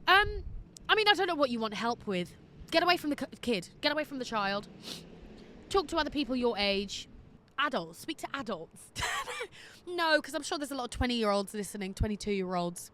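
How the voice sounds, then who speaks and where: A woman hosting an advice podcast in casual chat, candid and quick to laugh. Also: fairly high pitch, sing-song, a bit bright, a little hiss or hum. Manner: chatty and candid, laughs easily. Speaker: podcast host giving listener advice.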